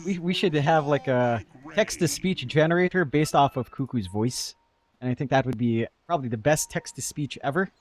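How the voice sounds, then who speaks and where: A man's voice: mid-range voice, moderate pace, a little mellow. A man commentating a live esports match, breaking down the game analytically and joking with his co-caster.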